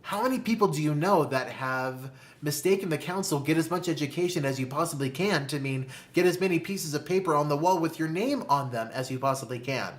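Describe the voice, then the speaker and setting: A host giving a motivational talk to camera about money, calling the listener "my friend" and asking rhetorical questions. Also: mid-range voice. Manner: slow, deliberate emphasis on key phrases. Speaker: personal finance video host.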